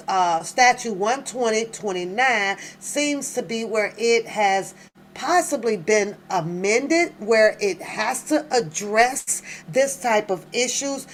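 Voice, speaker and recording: Woman w AAVE, slow-talking host, laughs a lot, bit of faint background noise. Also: medium pitch. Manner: animated, laughs often, exclaims to her audience. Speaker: reaction channel host. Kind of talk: casual reading and reaction commentary.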